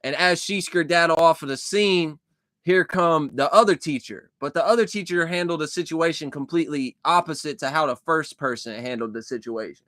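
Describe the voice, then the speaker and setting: A young man rambles through a personal story in loose, casual speech, swearing freely and circling back over his own words. His voice sits a little high for a man. The sound is dry and close, with no room around it. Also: moderate pace, sharp tone, no echo. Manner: loose, profane, repeats himself, restarts sentences. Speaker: vlogger recounting a dream.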